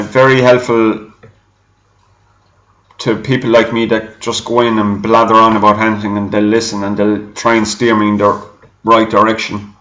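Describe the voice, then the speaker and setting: Low-voiced man, echoey room. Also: fairly bright tone, dull audio. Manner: rambling and chatty, repeats himself. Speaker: e-liquid reviewer. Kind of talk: casual product review to camera.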